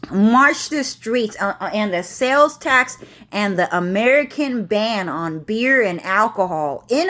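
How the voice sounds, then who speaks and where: A woman's voice: medium pitch, fairly bright tone. A woman vlogging from home, ranting to camera in a rambling, agitated way with constant swearing and repetition.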